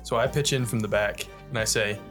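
Brief: male player, bright and crisp, faint music behind. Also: on the low side, fairly even intonation, fairly quick. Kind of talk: casual game chat.

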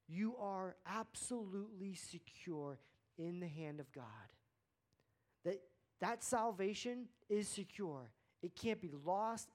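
A man's voice: sits high, darkish tone. A man preaching a sermon in an earnest, conversational way, often repeating words for emphasis. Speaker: pastor.

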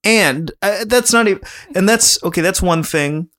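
A man's voice: high-pitched, normal speed, a bit bright. A man co-hosting a casual podcast, talking in a chatty, rambling way and laughing often. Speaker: podcast co-host.

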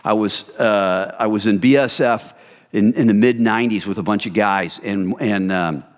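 Pastor preaching with a long hall echo. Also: male voice, fairly low pitch, moderate pace. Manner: conversational, animated storytelling. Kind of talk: sermon.

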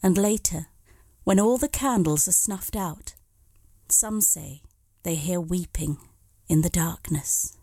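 A woman narrating a short dark tale in a measured, calm voice. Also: fairly low pitch, no echo, clean studio sound. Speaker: story reader. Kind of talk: scripted narration.

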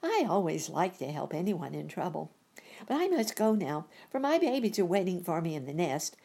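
A woman voicing a kind, motherly stork bird in a storybook reading, with a husky, gravelly voice. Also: lowish voice, sing-song, moderate pace, dark tone, full character voice.

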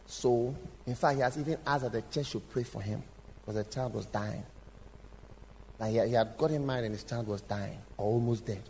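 A man preaching a sermon, telling stories with sudden shouts, acted quotes and direct questions to the congregation. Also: medium pitch, fairly quick. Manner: engaging the audience with direct questions. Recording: long hall reverb, faint background noise.

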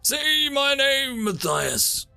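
A man's voice: fairly high pitch, sing-song, a little slow, vocal fry, a bit bright, faint music behind, pitched above the performer's own voice, heavily acted. A man doing a snarling vengeful cyborg soldier. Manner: snarling, menacing.

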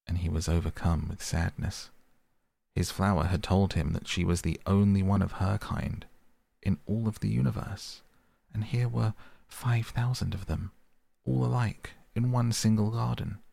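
A man reading a storybook aloud as narrator, measured and gentle. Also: on the low side, steady tone, vocal fry, dry recording. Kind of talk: audiobook reading.

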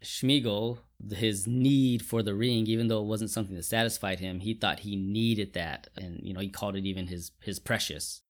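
A man's voice: fairly low pitch, fairly even intonation, moderate pace, hardly any pauses. A man co-hosting a casual faith discussion, talking thoughtfully and often restarting his sentences. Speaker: co-host.

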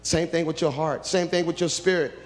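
A man preaching a sermon who swings from hushed pleading to loud cries, prays aloud and tells stories from his ministry. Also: a little high, fairly even intonation, brisk, big-room sound, slight background noise.

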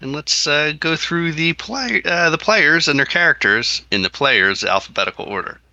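A man hosting a tabletop role-playing podcast as the game master, relaxed and easygoing. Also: on the high side, normal speed, gravelly, no echo.

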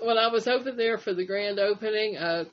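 An older woman co-hosting a casual chat, reminiscing in a rambling, halting way with many fillers. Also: medium pitch, lo-fi sound, a little hiss or hum. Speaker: co-host.

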